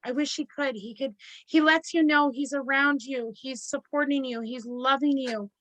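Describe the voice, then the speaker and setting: A woman's voice: high-pitched, steady tone, normal speed, a bit bright, low-quality recording. A woman giving a live mediumship reading, blunt and lecturing, with casual swearing.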